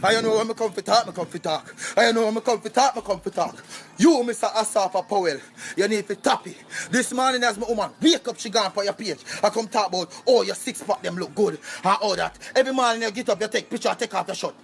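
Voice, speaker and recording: High gravelly Jamaican man ranting. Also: fast talker, hardly any pauses, slight background noise. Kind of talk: comedic vine rant.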